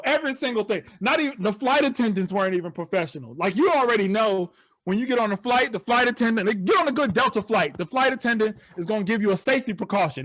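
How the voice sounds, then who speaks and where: High-voiced animated stand-up comedian. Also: male voice, dry recording. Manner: animated storytelling, acts out incredulous outbursts. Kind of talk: virtual stand-up set. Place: home, on a video call. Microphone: video call.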